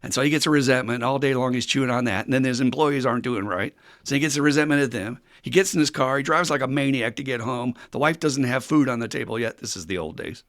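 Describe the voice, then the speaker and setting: Blunt older man with a gravelly voice. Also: medium pitch, fast, few pauses, a bit bright, no room sound, clean studio sound. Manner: blunt, plainspoken, swears casually, acts out quoted voices. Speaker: podcast host. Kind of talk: recovery podcast monologue.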